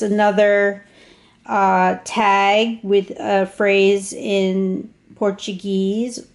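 A woman casually showing off a handmade travel journal to the camera, talking in an unhurried way with fillers and small restarts. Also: mid-range voice, creaky, darkish tone. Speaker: craft vlogger. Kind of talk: casual show-and-tell narration.

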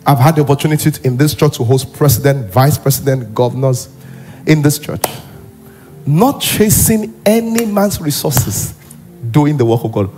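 Animated, high-voiced pastor. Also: male voice, normal speed, faint music behind. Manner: animated preaching, often acting out characters. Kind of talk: sermon. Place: church.

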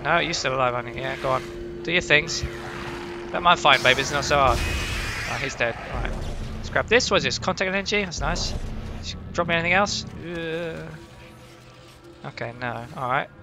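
A man hosting a casual let's-play from home, excitable, jumpy and heavily profane. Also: a little high, moderate pace, long pauses, music in the background. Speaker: gaming channel host.

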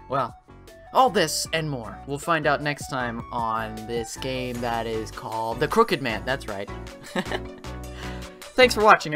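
A let's play host chatting casually and joking while playing a horror game. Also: mid-range voice. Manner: animated, jokey, chatty.

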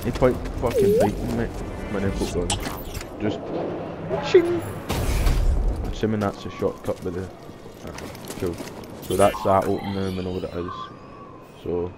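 A young man giving live gameplay commentary, excitable and profane, yelling and cheering at the game. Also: sits low, normal speed, long pauses. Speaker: gamer. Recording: voice over loud game music.

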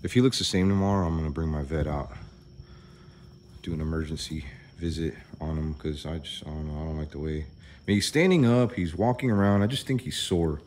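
A man vlogging outdoors on a small farm, chatty and worried, thinking out loud as he walks around. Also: extremely low pitch, a little fast, a little hiss or hum. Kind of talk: casual vlog commentary.

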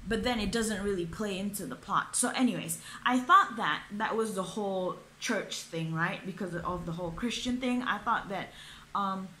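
A woman's voice: medium pitch, moderate pace, sharp tone, a little hiss or hum. A young woman, ranting through a book review, exasperated and swearing, with lots of fillers. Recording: echoey room.

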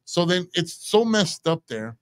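Casting: man, podcast co-host, crude lively storyteller, slightly high voice, dry mic. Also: measured pace, clear, resonant tone, no echo. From San Antonio, Texas. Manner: profane, animated storyteller doing quoted voices. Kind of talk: casual storytelling chat.

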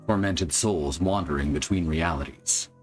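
A man's voice: a bass voice, normal speed, faint music behind, voice pushed down. A man voicing an ominous male narrator who introduces a horror anthology show in a dramatic, portentous delivery.

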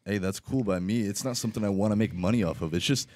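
A man's voice: on the low side, fast talker, a little mellow. A man chatting casually as a podcast guest, rambling with lots of fillers and a laid-back manner.

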